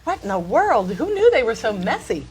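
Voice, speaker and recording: A woman's voice: on the high side, very animated, moderate pace, crowd noise, rough recording. A woman hosting a comedy talk show, playfully bossing around her audience. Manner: bossy, playful scolding. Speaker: host. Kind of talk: comic talk show banter.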